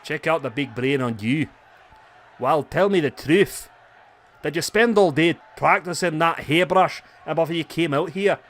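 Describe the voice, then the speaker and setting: A man's voice: on the high side, measured pace, fairly bright tone. A man voicing a blunt, taunting male wrestler with a put-on Scottish accent, cutting a wrestling promo in a game commentary. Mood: mocking. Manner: mocking trash talk.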